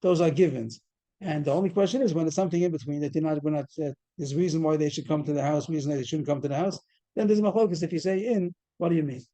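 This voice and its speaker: A man's voice: a little high, fast talker, warm tone. A man teaching a Talmud class over a video call, explaining a case step by step and quizzing the students. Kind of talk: fast Talmud study lecture.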